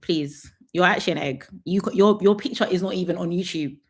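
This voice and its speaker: A woman's voice: fairly low pitch, brisk, husky. A young woman, chatting sassily through a live reality TV review and laughing often.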